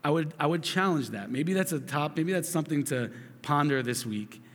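A man's voice: on the high side, expressive, normal speed, a bit bright, in a large hall. A man in his thirties giving a sermon, telling a family story with earnest asides and frequent restarts. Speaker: pastor.

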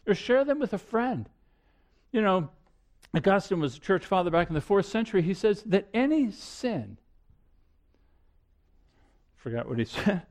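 A middle-aged man preaching a sermon in a high-pitched voice. He talks earnestly, repeats phrases, and moves from loud urging to hushed warning. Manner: earnest preaching with repetitions and sudden shifts in loudness. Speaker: pastor.

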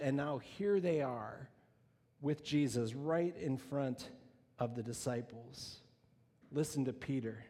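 A man's voice: on the high side, a little mellow. A man preaching a sermon, telling the story with animation and acting out quoted voices. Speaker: pastor. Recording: long reverb of a hall.

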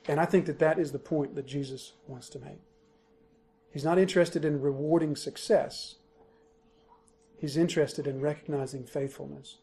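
A man's voice: a little high, fairly even intonation, moderate pace, long pauses, mellow, a little hiss or hum. A man preaching an expository sermon, emphatic and driving home key points by repeating them. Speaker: pastor.

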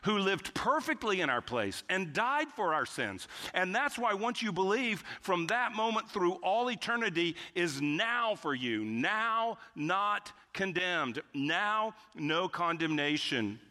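A man's voice: high-pitched, big pitch swings, slow pace, pushed and bright. A man preaching a sermon as pastor, emphatic and driving home key phrases by repeating them. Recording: long hall reverb.

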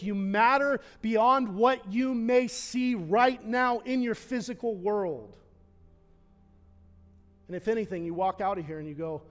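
A male pastor preaching a sermon in a church, building to loud, passionate peaks and then dropping to a quiet, intimate tone. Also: unhurried. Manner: impassioned, swells louder and higher at key points, then drops quiet. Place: church hall with long reverb. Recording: reverberant church hall.

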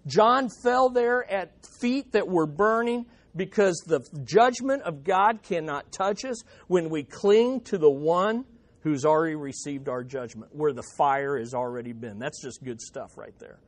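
A man preaching a sermon as pastor, emphatic and repeating key phrases for effect. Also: fairly high pitch. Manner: quotes imagined voices with dramatic swings in loudness.

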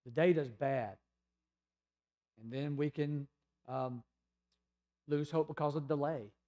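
Speaking slowly in a steady, somewhat high voice, a middle-aged Southern pastor from Tennessee delivers a conversational sermon. He reads quotations aloud and shifts from booming emphasis to hushed side remarks.

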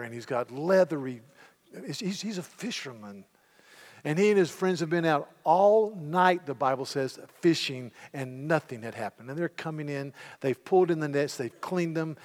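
A middle-aged man preaching a sermon in a church sanctuary, telling the story vividly and slipping into the voices of the people in it. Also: fairly high pitch. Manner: animated storytelling, retelling scenes in character voices. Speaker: pastor. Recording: long hall reverb.

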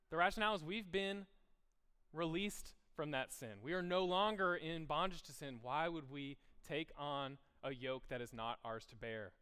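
A man preaching a sermon, joking at times, then earnest and quiet on serious points. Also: a little high, clear, resonant tone. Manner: playful then earnest, drops soft on heavy points. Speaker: pastor. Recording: long hall reverb.

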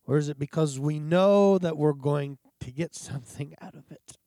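A man preaching a sermon in an earnest, confessional way, pausing and sighing between thoughts. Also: fairly high pitch, dark tone, no echo, studio quality.

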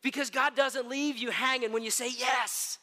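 Male pastor, high bright voice, animated sermon storyteller, long hall reverb. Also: normal speed. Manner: animated storyteller, addresses listeners as gang.

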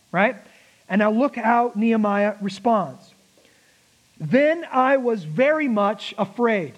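A man with a very high-pitched voice preaches an emphatic sermon as a pastor, dropping in laughing asides and slowing down on key words. The audio quality is poor.

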